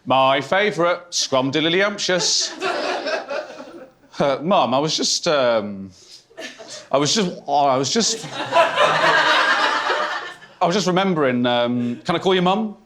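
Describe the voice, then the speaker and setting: A man's voice: a little high, big pitch swings, unhurried, long pauses, heavy background noise. A man doing stand-up comedy in a theatre, talking in a hesitant, awkward, mock-intimate way with sudden outbursts. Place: theatre stage before a laughing audience. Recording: loud crowd laughter in a theatre. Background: audience laughter.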